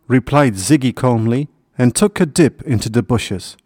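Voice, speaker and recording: A man narrating a children's storybook in a gentle, expressive reading voice. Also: medium pitch, moderate pace, hardly any pauses, no echo, clean studio sound.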